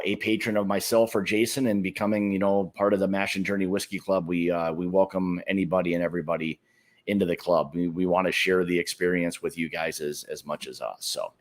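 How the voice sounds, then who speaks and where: Easygoing male livestream host, low voice, loose casual delivery with lots of fillers. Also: fairly even intonation, fairly quick. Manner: easygoing, greets viewers by name, many fillers. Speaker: whiskey club livestream host.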